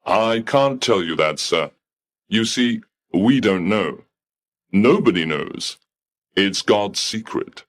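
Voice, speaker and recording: A man's voice: fairly low pitch, takes it slowly. A man playing a cool, formal heavenly receptionist. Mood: calm. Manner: formal, calm, coolly polite. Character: polite unbending male heavenly receptionist.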